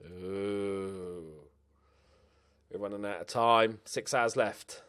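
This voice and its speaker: A young man giving casual, animated commentary on his own game play, muttering to himself and swearing now and then. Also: on the low side, drawn-out words, clear, resonant tone. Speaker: gaming commentator.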